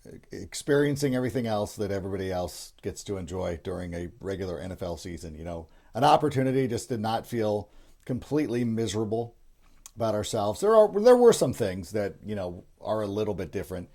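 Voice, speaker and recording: A man's voice: fairly low pitch, animated, fairly quick, dark tone. A middle-aged man hosting a sports podcast, talking casually and rambling with many restarts. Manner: rambling, frequent restarts and fillers. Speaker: podcast host.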